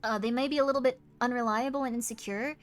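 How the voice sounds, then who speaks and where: A tired woman streamer chatting casually while doing tarot readings, talking in quick self-interrupting bursts and apologizing often. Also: on the high side, steady tone. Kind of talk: casual live-stream chat.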